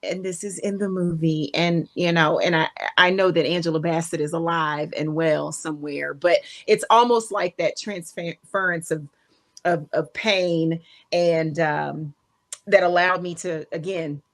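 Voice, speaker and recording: A woman co-hosting a podcast, talking reflectively and pausing to search for her words. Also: low voice, fairly even intonation. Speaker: podcast co-host. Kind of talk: casual chat.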